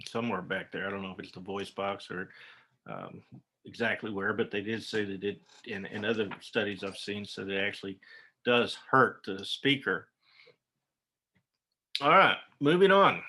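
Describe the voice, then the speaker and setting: Man, drawl, teaching a webinar, bright voice, lots of uhs and restarts. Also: medium pitch. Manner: casual, folksy, with many fillers and restarts. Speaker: instructor. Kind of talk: online lecture.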